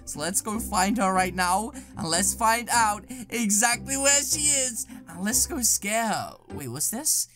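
A woman giving excitable gaming commentary, reacting with dramatic exclamations. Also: medium pitch, measured pace, hardly any pauses, music in the background. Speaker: gaming YouTuber.

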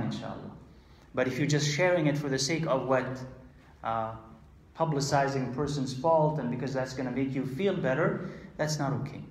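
A man giving a conversational religious lecture, acting out quoted exchanges and pausing with frequent fillers. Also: on the high side, echoey room. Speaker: Islamic lecturer.

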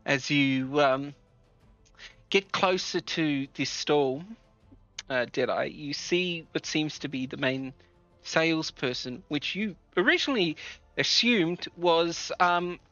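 A man narrates a tabletop game as game master in a bright, slightly high voice, relaxed and full of fillers. The sound is dry, dull and lo-fi, with soft music underneath. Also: slow pace, dry recording. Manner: relaxed storytelling with many fillers.

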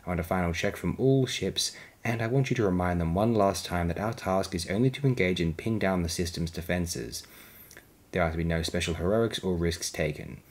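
A man voicing a cold, calculating alien grand admiral who speaks quietly and with controlled menace. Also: sits low, brisk.

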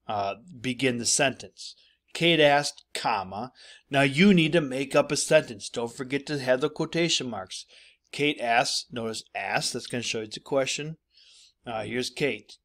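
A male teacher giving a recorded lesson, explaining step by step and speaking straight to his students. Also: medium pitch. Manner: explanatory, addresses students directly.

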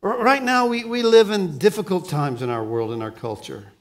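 A pastor preaching a sermon, moving between hushed lines and emphatic ones and often repeating words as he starts a thought. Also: sits high, moderate pace.

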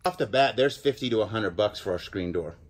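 A man's voice: lowish voice, animated, fairly quick. A man hosting a vlog, chatting casually and joking while he sorts through a storage unit. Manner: chatty, jokey, thinking out loud. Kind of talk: casual chat to camera.

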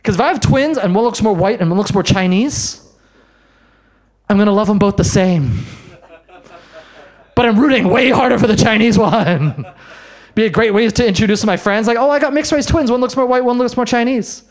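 A man doing a stand-up set in a comedy bar, brash and self-mocking, with quick asides to the crowd. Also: high-pitched. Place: comedy bar in front of a live audience.

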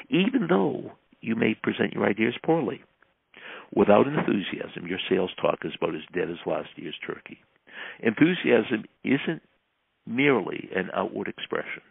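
A man coaching listeners by reading a self-help book aloud, punching some words loudly and dropping others to near quiet. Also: sits low, creaky, husky, dry recording. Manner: emphatic, swinging between loud stresses and quiet asides. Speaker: motivational coach. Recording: tinny phone-like dry sound.

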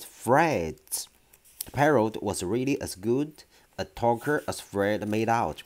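A man reading a children's novel aloud in an unhurried storytelling manner, with small slips. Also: lowish voice, a little mellow. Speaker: reader.

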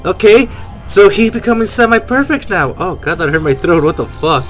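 Excitable young-sounding man reacting. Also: high-pitched, normal speed, over music. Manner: excitable, exclamatory, laughs a lot. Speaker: reaction video host. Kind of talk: casual reaction commentary.

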